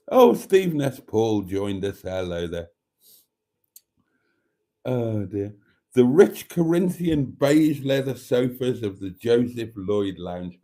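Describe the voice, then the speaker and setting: British man, livestream host, reads out chat comments, warm mellow tone, jokey banter. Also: mid-range voice, sing-song, extremely slow, pauses often. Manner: reads viewer comments aloud and banters back; chuckling, joking, often clears his throat.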